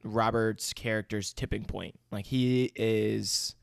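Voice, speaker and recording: A man's voice: lowish voice, steady tone, takes it slowly, creaky, smooth, dry recording, studio quality. A man co-hosting a podcast, chatting casually and profanely about a film, laughing easily. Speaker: podcast co-host. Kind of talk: casual movie chat.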